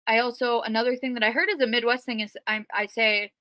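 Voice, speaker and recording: A woman with a Minnesota accent chats through her story in a loose, rambling way, dotted with ums. Her voice is bright and forward. The recording is dry and close to the mic. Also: mid-range voice, steady tone, normal speed, long pauses, dry recording. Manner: chatty, rambling, frequent ums. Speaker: guest. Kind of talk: casual livestream storytelling.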